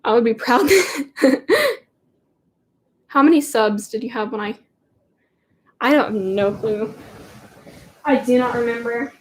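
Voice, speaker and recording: A woman's voice: a little high, steady tone, moderate pace, long pauses. A teenage girl rambling in a giggly, chatty way while answering viewer questions on a casual livestream. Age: teens. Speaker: livestream host. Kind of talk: casual live Q&A chat.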